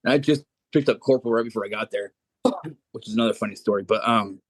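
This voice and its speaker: A man's voice: lowish voice, quick pace, slightly rough, dry recording. A man in his forties, a Marine veteran guest, telling profane anecdotes with frequent laughs. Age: 40s. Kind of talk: casual chat.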